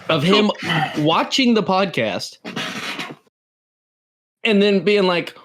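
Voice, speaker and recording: Podcast co-host, male, upbeat storyteller, a touch high-pitched, casual banter. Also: animated, slow pace, pauses often, background noise. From California. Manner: storytelling, laughs often. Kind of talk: casual chat.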